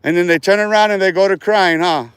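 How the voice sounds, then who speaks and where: On his livestream, this host rants in a rambling, profane way, mocking his viewers and frequently laughing. He talks fast with fairly even intonation, and his high-for-a-man voice is fairly bright and clean, recorded close and dry without echo.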